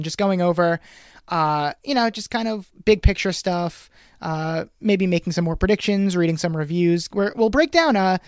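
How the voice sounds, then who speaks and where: A man's voice: high voice, clear, resonant tone, no room sound, clean studio sound. A man with a Long Island accent co-hosting a casual podcast, rambling and often correcting himself mid-sentence. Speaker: podcast co-host.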